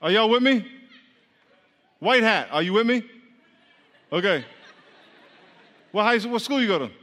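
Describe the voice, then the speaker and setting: A man preaching a lively, interactive sermon, playfully teasing the congregation and leading them in repeat-after-me chants. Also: sits high, measured pace. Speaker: pastor. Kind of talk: interactive sermon with call-and-response. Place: church hall. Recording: long hall reverb.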